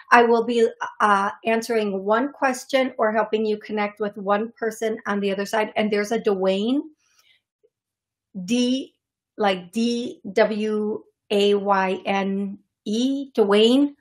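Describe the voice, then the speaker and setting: Woman psychic host on call-in radio, friendly and unhurried. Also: a little high. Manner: friendly, chatty, calls callers "beautiful".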